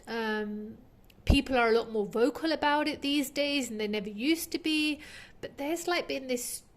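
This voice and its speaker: A woman giving an intuitive tarot reading to her viewers, earnest and heartfelt, rambling with many fillers. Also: on the high side. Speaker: tarot reader.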